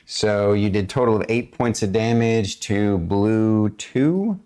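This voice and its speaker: Low-ish guy dming a d&d stream, lots of ums and throat clearing. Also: level tone, measured pace, darkish tone. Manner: rambling, many fillers and throat-clearing. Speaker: dungeon master. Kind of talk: running a tabletop game stream.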